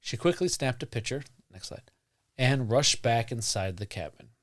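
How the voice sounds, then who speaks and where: A man's voice: mid-range voice, lively intonation, normal speed. A man hosting a podcast, chatting casually and reading sighting accounts aloud with frequent restarts. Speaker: podcast host.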